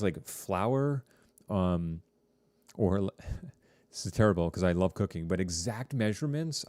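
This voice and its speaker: Low mellow guy teacher rambling to his class on stream, lots of um and like, dry sound. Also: no room sound. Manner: rambling, filler-heavy, friendly asides to students. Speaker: high school TV production teacher. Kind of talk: casual live-stream class chat.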